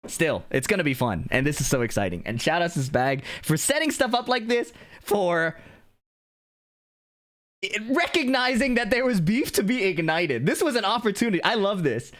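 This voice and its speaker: A man chatting casually on a live stream, animated and laughing, swearing freely as he talks. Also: high voice, normal speed. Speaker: streamer and video maker.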